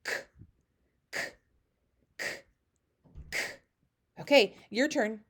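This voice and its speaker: A woman teaching a phonics lesson to young children, warmly encouraging with lots of praise. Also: fairly high pitch, very slow. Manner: encouraging, lively, sing-song praise.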